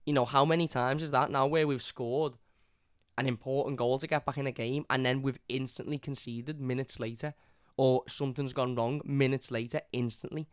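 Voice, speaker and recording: A man's voice: mid-range voice, fairly even intonation, normal speed, clean tone, no echo, studio quality. A young man hosting a live football fan review, venting in a frustrated, repetitive rant and swearing often. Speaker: football fan channel host.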